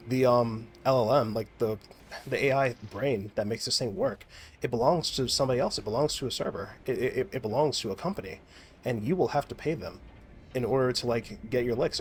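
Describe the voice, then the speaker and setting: A man's voice: medium pitch, a little hiss or hum. A young man rambling and swearing through commentary while playing a game. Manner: profane, rambling, many restarts. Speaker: gaming streamer. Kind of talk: rambling commentary over gameplay.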